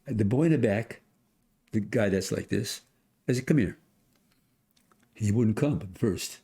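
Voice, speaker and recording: A man of a hundred, a podcast guest, telling a story in casual conversation, animated, acting out voices and restarting often. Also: on the low side, moderate pace, creaky. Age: 100s.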